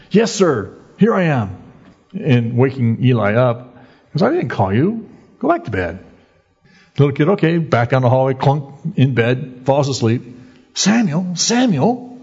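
Husky-voiced male pastor preaching. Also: medium pitch. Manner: lively storyteller who acts out the quoted voices; conversational, folksy preaching. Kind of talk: sermon. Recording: dull lo-fi recording.

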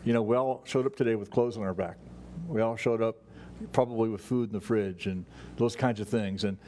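A man preaching to his congregation in an easygoing, conversational way. His voice sits a little low, and he often stops to restart a thought or adds an "uh". A faint hum of room noise runs under the sermon. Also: fairly even intonation, brisk, warm tone. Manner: conversational, many fillers and restarts. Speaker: pastor. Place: church sanctuary.

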